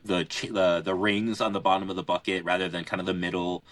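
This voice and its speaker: In a fast, level delivery, a young podcast co-host rambles through stories full of fillers and restarts during casual conversation. He has a deep, fairly bright voice, and the recording has no room sound.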